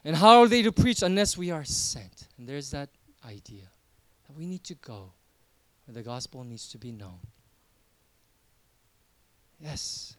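A male pastor giving a sermon in a conversational way, swinging from hushed asides to emphatic points. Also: mid-range voice.

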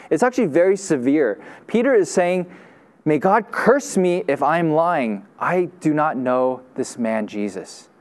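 Male pastor, sermon delivery, earnest and emphatic, slightly high-pitched, phrase endings drop low and soft.

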